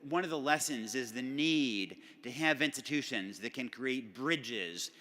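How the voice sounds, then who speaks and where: A man's voice: medium pitch, animated, measured pace, pushed and bright. Man speaking in a reverberant hall. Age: middle-aged. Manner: conversational, self-deprecating with frequent fillers and restarts. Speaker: award recipient giving a speech. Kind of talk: formal acceptance speech. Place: large banquet hall at a benefit dinner.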